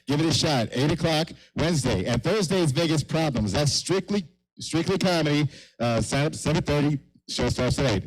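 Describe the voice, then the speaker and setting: A man hosts a comedy night, running through announcements in an upbeat, hurried way. His voice sits a little high, and he often repeats his phrases as he goes. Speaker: comedy show host. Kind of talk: live emcee announcements.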